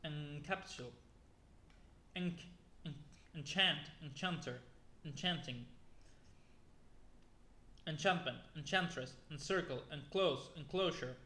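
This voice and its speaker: A man's voice: fairly high pitch, slow, pauses often, bright, forceful tone. A young man reading a long list of words aloud one by one, stumbling and restarting now and then, sounding weary. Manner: plodding word-by-word reading with restarts and weary asides. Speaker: YouTuber. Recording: echoey room.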